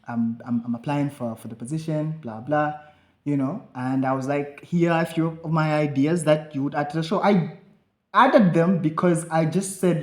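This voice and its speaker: Young guy podcast host, kinda high voice, acts out all the quotes, echoey room. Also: moderate pace. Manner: animated, acts out quotes of himself and others. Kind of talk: casual storytelling chat.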